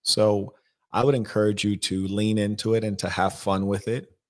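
A man with a very low voice hosts an advice stream. He answers viewer questions bluntly and at a measured pace. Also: flat delivery. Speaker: life coach host.

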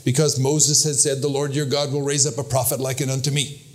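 This older preacher's delivery is brisk and flat as he tells stories in his sermon. When quoting others his pitch goes up, and he stays earnest and emphatic throughout.

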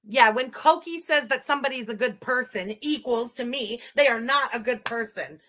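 Woman, high voice, sharp tone, profane mocking rant. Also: moderate pace, a little hiss or hum. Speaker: commentary streamer. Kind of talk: reaction commentary rant.

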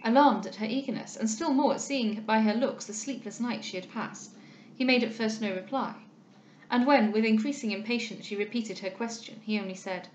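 A woman reading a classic novel aloud, in a measured, steady narration. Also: a little high, a little hiss or hum. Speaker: audiobook reader. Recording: roomy echo.

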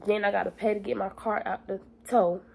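A woman's voice: medium pitch, steady tone, fairly quick, gravelly, darkish tone, slight background noise, rough recording. A young woman vlogging in a casual, blunt and profane way, talking straight to her viewers. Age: young adult. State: stressed, near tears. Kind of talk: casual vlog chat.

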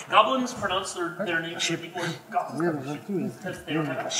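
Brief: high, animated male storyteller at a convention talk, distant mic in a roomy hall. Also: a little slow, noisy background. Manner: storytelling, joking, expressive. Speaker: game designer speaking at a fan convention. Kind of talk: animated talk to a live audience.

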